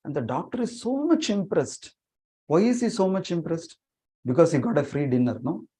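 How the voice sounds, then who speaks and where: Guy giving a sermon as a story, mellow voice, slightly high, quizzes the crowd. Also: sing-song, moderate pace, breathy edge, low-quality recording. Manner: earnest storyteller, voices dialogue softly, asks the audience questions. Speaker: preacher. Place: temple meeting room, online session.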